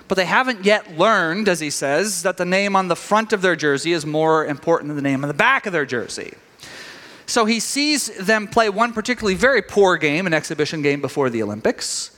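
A middle-aged man preaching a sermon, telling a story with animated quoted voices. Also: high voice. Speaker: pastor. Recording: long reverb of a large hall.

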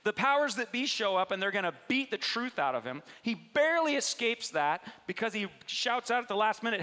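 High, forceful male preacher in echoing hall. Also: sing-song, fairly quick, few pauses. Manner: conversational, asks the audience questions. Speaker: pastor. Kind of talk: preaching sermon. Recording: long reverb of a large hall.

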